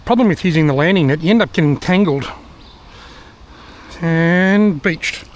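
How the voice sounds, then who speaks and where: A middle-aged Australian man talks casually to his camera as he fishes, chatting with himself and cracking dry jokes. His voice sits fairly high for a man. He is recorded outdoors by a river, with faint noise in the background. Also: moderate pace. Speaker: fishing vlogger. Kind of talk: casual vlog commentary.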